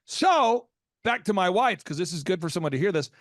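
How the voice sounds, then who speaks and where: American guy hosting a podcast, kinda high voice, dry close sound, tells stories with lots of energy. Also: fairly quick, no room sound. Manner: lively, jumps into high excited voices when acting out reactions. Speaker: podcast host. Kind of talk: animated storytelling in a business podcast.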